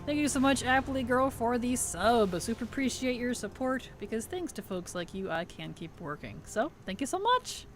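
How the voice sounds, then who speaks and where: A woman's voice: on the high side, lively intonation, normal speed, few pauses, faint music behind. A woman streamer in casual livestream chat, thanking subscribers, answering chat and giggling often.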